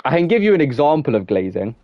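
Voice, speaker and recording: Very animated and fast, this young gaming streamer rambles casually to viewers mid-game, using "like" constantly and cracking up with laughter. His voice is a little high, and the sound is lo-fi with no echo.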